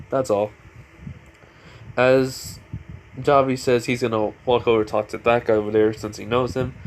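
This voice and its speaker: A man's voice: mid-range voice, flat delivery, moderate pace, pauses often, slight background noise. Rambling man retelling a fan story. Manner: rambling, full of fillers.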